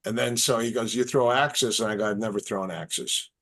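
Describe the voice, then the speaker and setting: A man, a martial arts instructor on a podcast as a guest, telling stories in a casual, animated, halting way. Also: fairly low pitch. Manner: animated, halting, repeats words. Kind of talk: casual storytelling.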